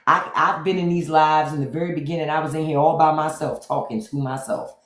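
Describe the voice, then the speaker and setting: A man's voice: a little high, fairly even intonation, brisk, few pauses, a bit bright. A middle-aged man hosting a casual livestream, blunt and profane, greeting his chat by name as he comments. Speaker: livestream host. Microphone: phone. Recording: echoey room.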